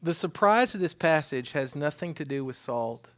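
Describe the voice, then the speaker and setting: A man preaching a sermon as pastor, animated, with rising pitch and volume. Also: moderate pace, slight background noise.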